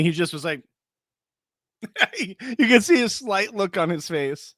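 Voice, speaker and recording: A man's voice: sits high, big pitch swings, slow, fairly bright tone, no room sound. A man casually chatting on a live reaction stream, greeting viewers, laughing often, close to the mic. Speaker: reality show reaction host.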